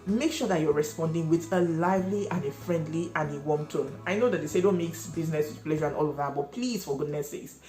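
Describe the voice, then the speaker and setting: A woman with a fairly low voice coaches small business owners, stressing and repeating her points. She sounds like she is in an echoey room, with faint music in the background. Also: brisk, few pauses, mellow. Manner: emphatic, repeats key points, asks viewers questions. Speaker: cake business owner and channel host. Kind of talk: instructional vlog talk.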